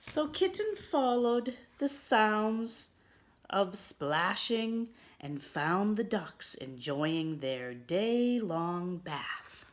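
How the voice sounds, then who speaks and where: A woman reading a picture book aloud to children in an expressive way, adding asides for her young listeners. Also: mid-range voice, very slow. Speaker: children's storyteller.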